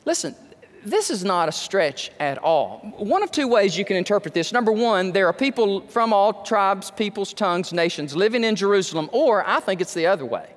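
Male pastor, high-pitched, emphatic sermon delivery, long church reverb. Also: lively intonation, normal speed. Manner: emphatic preaching with rhetorical questions. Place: church sanctuary.

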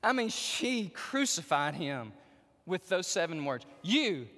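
Male pastor, sermon delivery, bright lively high voice, long hall reverb. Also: unhurried. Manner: animated storytelling, addresses the women in the audience directly.

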